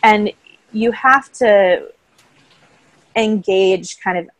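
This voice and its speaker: A woman speaking as a guest in a casual interview, explaining things in a calm, thoughtful way. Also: mid-range voice, very slow, dry recording, low-quality recording. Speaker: voice coach guest. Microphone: own microphone, remote call.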